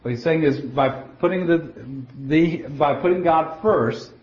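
Man giving a slow Bible teaching. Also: fairly high pitch, a little mellow. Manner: explanatory, deliberate, with restarts and quotations. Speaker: preacher. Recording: dull lo-fi recording.

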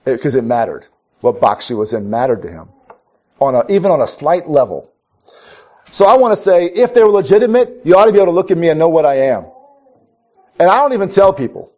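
Here a Minnesota man preaches conversationally in a brisk, fairly high voice that swings widely in pitch and is a little mellow. He tells stories with a wry edge, restarting sentences frequently, on a dull lo-fi recording.

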